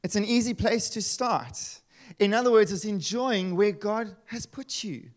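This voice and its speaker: A man in his thirties preaches a sermon. He talks in a lively, chatty way, full of asides and rhetorical questions. His voice sits a bit high for a man. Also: a little slow. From South Africa. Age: 30s. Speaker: pastor.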